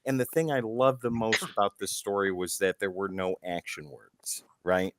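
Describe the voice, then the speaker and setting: A man with a low voice co-hosts a laid-back comic-book podcast, talking at a moderate pace over a slight hiss or hum. He retells scenes with animated storytelling, acting out the quotes and swearing now and then.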